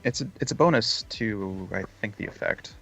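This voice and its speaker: A man's voice: fairly low pitch, moderate pace, vocal fry, a bit bright, soft background music. A man playing a tabletop game, talking hesitantly and thinking aloud. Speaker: player.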